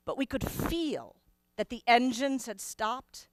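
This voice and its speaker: Slow, expressive woman telling her story. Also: a little high, no echo. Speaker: performer in character. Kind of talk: first-person historical monologue.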